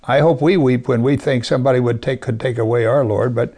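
A man preaches a sermon in a gravelly, creaky, medium-pitched voice, speaking a little fast with fairly even intonation. He reads scripture and then comments on it, sometimes dropping to a soft, hushed tone to drive a point home.

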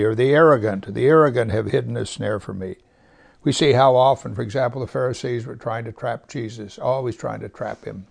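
A man teaching through a psalm, reading verses slowly with heavy emphasis and sometimes dropping almost to a whisper. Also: mid-range voice, creaky, darkish tone. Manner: drops to a near whisper at times. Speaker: pastor. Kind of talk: Bible teaching.

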